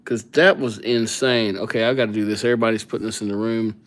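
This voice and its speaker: A man chatting casually and joking at his own expense on a live calligraphy stream, dropping to soft murmurs as he writes. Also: on the low side, fairly even intonation, fast talker. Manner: chatty, self-mocking, drops to soft murmurs while writing. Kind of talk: casual live-stream chat while writing.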